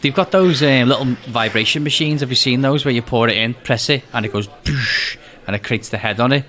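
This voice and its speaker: A man's voice: mid-range voice, quick pace, fairly bright tone. A man co-hosting a casual podcast, talking in a chatty, self-interrupting way and reading a screenplay aloud.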